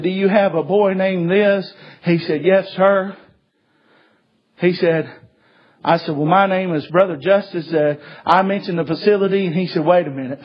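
A man preaching a sermon, telling a story in a folksy way and swinging from hushed tones to shouts. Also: high-pitched, breathy edge. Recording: dull lo-fi recording.

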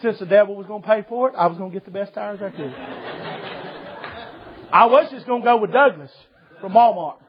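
A man's voice: high-pitched, fairly quick, long pauses, lo-fi sound, some chatter behind, a little hiss or hum. A man, preaching a folksy, joking sermon to a church congregation and calling his listeners brother. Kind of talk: humorous storytelling sermon. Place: church service.

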